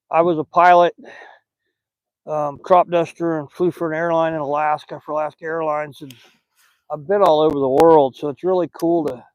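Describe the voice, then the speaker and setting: A man's voice: fairly high pitch, no room sound, low-quality recording. An older man with a Southern accent, hosting a live fishing stream from a boat and chatting in a rambling, folksy way. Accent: Southern American. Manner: rambling, folksy, talks to fish and viewers. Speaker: fishing channel host. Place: small boat on a lake, outdoors. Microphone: phone.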